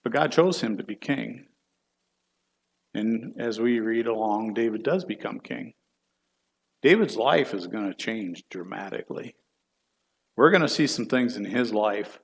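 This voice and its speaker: A man's voice: fairly low pitch, animated, measured pace, gravelly, pauses often. A middle-aged man, a church elder, teaching a Bible class in a folksy, chatty way and putting questions to the class.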